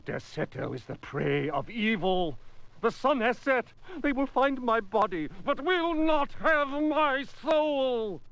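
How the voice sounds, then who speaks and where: A doomed, anguished letter writer. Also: male voice, extremely high pitch, sing-song, slow, creaky, fairly bright tone, exaggerated voice. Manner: dramatic, anguished, gasping delivery. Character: desperate male mansion owner's farewell letter. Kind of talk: voiced game document reading.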